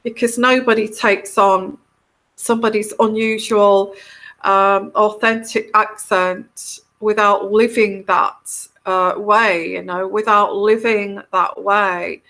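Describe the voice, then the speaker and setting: A woman's voice: medium pitch, steady tone, slow, a bit bright. An English woman with a mixed northern and southern English accent, hosting a casual live chat as a tarot reader, soothing and meandering with many restarts. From England.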